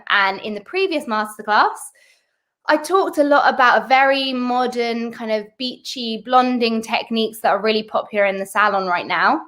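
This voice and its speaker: A woman's voice: medium pitch, fairly bright tone. A British woman hairdresser teaching a live online masterclass from her salon over a video call, friendly and bubbly. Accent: British English.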